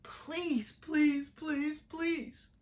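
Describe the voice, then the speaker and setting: A woman's voice: medium pitch, lively intonation, normal speed, natural voice. A woman voicing a desperate male servant who begs for more time to pay a huge debt. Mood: pleading. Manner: begging, stammering.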